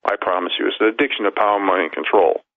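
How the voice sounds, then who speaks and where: A man's voice: low voice, rapid-fire, dry recording. A man giving emphatic talk radio news commentary, reading articles aloud and stacking up long lists of points. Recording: tinny phone-line audio, dry.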